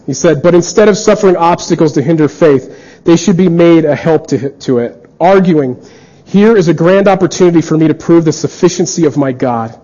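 An earnest male preacher with a fairly high, mellow voice. He delivers a sermon and acts out quoted dialogue as he goes. The recording sounds dull and lo-fi.

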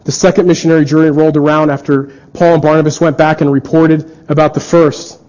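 A man's voice: on the high side, level tone, fast, a little mellow. A man preaching a sermon in an earnest way, acting out the lines of the people in his stories. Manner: earnest, acts out quoted dialogue. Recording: dull lo-fi recording.

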